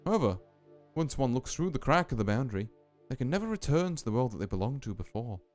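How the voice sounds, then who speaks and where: A man voicing a calm, solemn female graveyard keeper with a faint put-on Scottish lilt, speaking slowly and ominously over faint music. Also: mid-range voice, lightly acted. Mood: eerie. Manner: slow, deliberate, ominous storytelling.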